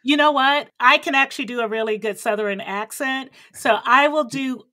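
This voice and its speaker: A woman's voice: sits high, moderate pace, bright, forceful tone, dry recording, studio quality. A woman who is a guest author, chatting playfully on a podcast. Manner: playful, laughs easily. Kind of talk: casual podcast chat.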